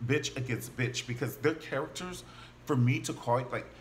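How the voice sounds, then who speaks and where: A man casually recapping a TV drama, gossipy and animated, acting out the characters' lines as he goes. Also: medium pitch, normal speed, slight background noise. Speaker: TV show reviewer.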